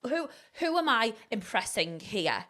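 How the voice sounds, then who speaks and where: A woman's voice: on the high side, very animated, measured pace, crowd noise. A young English woman co-hosting a casual podcast. She tells chatty, self-mocking anecdotes in an easy, everyday voice. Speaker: podcast co-host. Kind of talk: casual chat.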